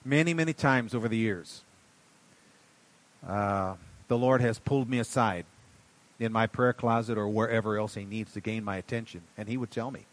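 A man preaching a sermon in a folksy way, swinging from quiet asides to loud emphatic bursts. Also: fairly low pitch, normal speed. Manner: folksy, calls listeners buddy and darling. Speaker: pastor.

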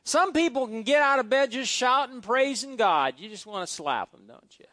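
A man's voice: very high-pitched, lively intonation, normal speed, few pauses, pushed and bright, dry recording. A middle-aged man preaching a sermon as pastor, reading scripture aloud with exuberant emphasis and folksy asides.

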